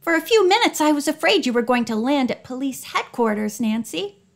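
A woman's voice: high voice, animated, brisk, gravelly, voice pushed up. A woman reading an audiobook voices a loyal teenage girl who speaks up protectively for her friend. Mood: relieved. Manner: indignant, protective.

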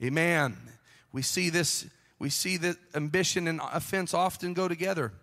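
A man preaching a Pentecostal sermon with a fervent, rhythmic delivery that builds to shouting. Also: on the high side, moderate pace, long reverb tail. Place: church sanctuary.

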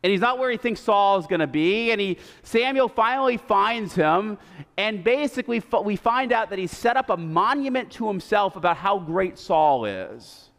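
Animated male pastor in a church. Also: high voice, normal speed. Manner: animated, conversational storytelling with casual fillers. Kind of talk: sermon. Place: church sanctuary. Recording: reverberant church sanctuary.

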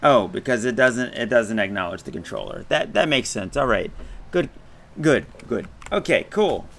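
A man's voice: mid-range voice, lively intonation, normal speed, creaky. A man giving casual commentary while playing a game, swearing often and yelping when startled. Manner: swears a lot, yelps and shouts when startled. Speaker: game streamer.

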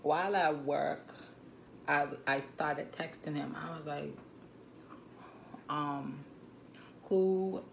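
A woman in her twenties with a Turks and Caicos Islands accent telling a storytime vlog, animated and indignant, with frequent asides, on a phone camera mic. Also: sits low, slow, gravelly, long pauses, slight background noise. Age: 20s. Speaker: vlogger.

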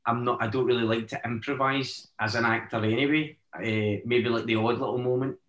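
A Scottish man, appearing as a guest actor in casual chat, speaks a little fast in a steady, mid-range, slightly bright voice. He rambles through stories full of "eh" fillers, and the recording is roomy and low in quality.

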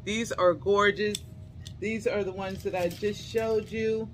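A woman's voice: medium pitch, steady tone, takes it slowly, slight background noise. A middle-aged woman chatting to her viewers as she unboxes a haul, gushing and effusive, breaking into delighted squeals. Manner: chatty, calls viewers y'all and honey. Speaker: haul vlogger. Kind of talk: casual unboxing chat to viewers.

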